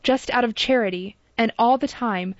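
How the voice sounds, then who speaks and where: A woman reading the part of a clever, proud young woman who speaks quickly and cuttingly in an audiobook. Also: a little high, dry recording, natural voice. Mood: reproachful. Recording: dull dry lo-fi recording.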